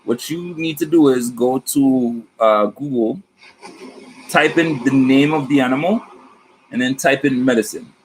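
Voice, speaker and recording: This tarot-reading vlogger is a man whose mid-range voice moves a little slowly. He rambles animatedly about spirit guides in a loose, slangy, profane way, over a rough recording with slight background noise.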